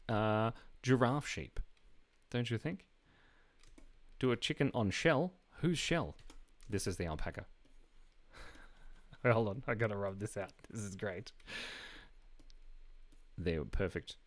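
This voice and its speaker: A man hosting a live drawing stream, chatting casually and playfully while reading viewer comments aloud. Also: fairly low pitch. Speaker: live-stream artist host.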